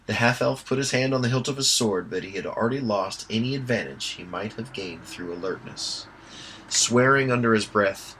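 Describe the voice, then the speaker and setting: A man reading an audiobook aloud in a steady storytelling voice. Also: on the low side, slightly rough, poor audio. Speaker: audiobook reader. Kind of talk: amateur audiobook narration.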